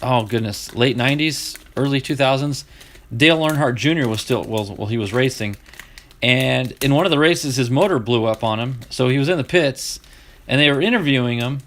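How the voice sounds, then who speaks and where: A man's voice: medium pitch, moderate pace. Chatty Southern man opening cards. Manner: chatty, laughs easily, restarts and trails off. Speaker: card-breaking streamer. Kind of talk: casual chat.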